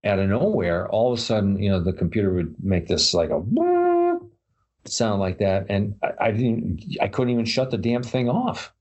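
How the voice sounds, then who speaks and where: Deep husky man, rambling talk. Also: a little fast, hardly any pauses, a little mellow. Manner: rambling, many fillers and restarts. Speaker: podcast co-host. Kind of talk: casual paranormal chat.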